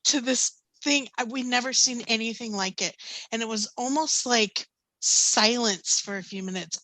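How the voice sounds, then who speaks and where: A woman in her fifties speaks on a panel with a bright, forward voice. She tells her stories in a lively, casual way, laughing often and pausing on ums. The sound is dry and close. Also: fairly high pitch, no echo, rough recording. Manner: animated anecdotes, laughing often, many ums. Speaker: panelist, canoe skipper.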